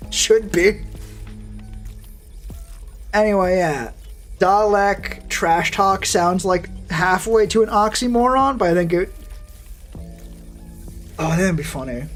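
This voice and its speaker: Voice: medium pitch, slow pace, long pauses, faint music behind. A VTuber streamer chatting casually with a live audience and answering chat, with a sardonic, profane, rambling manner.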